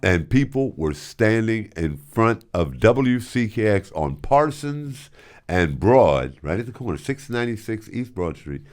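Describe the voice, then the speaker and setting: A man's voice: lowish voice, very animated, measured pace, darkish tone. An older man and former radio host telling stories casually and animatedly, slipping into voices and sound effects. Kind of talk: casual storytelling.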